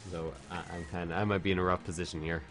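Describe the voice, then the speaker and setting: A man's voice: low-pitched, level tone, very fast, a bit bright, soft background music. A man streaming a video game while drunk, chatting casually, rambling and swearing a lot.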